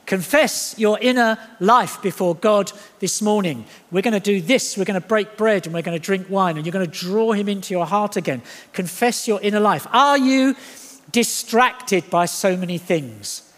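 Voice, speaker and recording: A man preaching a sermon in church, animated and jokey, acting out the voices he quotes. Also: high-pitched, normal speed. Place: church hall. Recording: long hall reverb.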